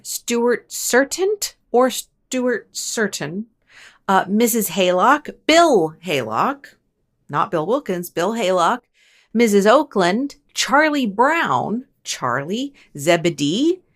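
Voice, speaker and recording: A woman narrates a paranormal story in a casual, chatty way, breaking off into wry asides and correcting herself as she goes. Her voice sits at a middle pitch and swoops up and down expressively. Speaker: host of a paranormal storytelling channel.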